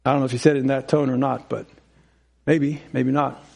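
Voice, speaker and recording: A man's voice: mid-range voice, little pitch movement, brisk, vocal fry, a little mellow. A man preaching a sermon in a conversational way, often chuckling and asking his congregation questions. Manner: conversational, acts out dialogue, asks congregation questions.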